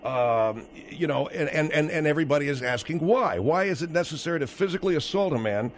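A man hosts a call-in talk radio show and briskly cuts in to keep the talk moving. His voice sits a little high for a man. A faint hiss runs under the sound. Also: animated. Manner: brisk, interjecting, steering the call.

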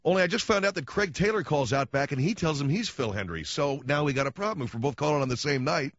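A man's voice: a little high, animated, fast, a bit bright, no room sound, highs cut off. A man hosting a radio talk show, telling stories in a wry, sarcastic way and acting out little quotes. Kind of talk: casual radio monologue. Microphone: studio microphone.

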